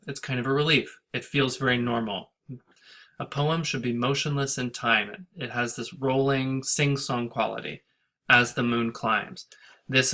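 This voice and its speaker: A man with a bright, forceful voice gives a recorded lesson on scanning a poem. He thinks out loud, restarts his sentences, and reads lines of verse in a lilting sing-song rhythm. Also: mid-range voice. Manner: thinking aloud, hesitant restarts. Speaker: teacher. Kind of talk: recorded lecture on poetry scansion.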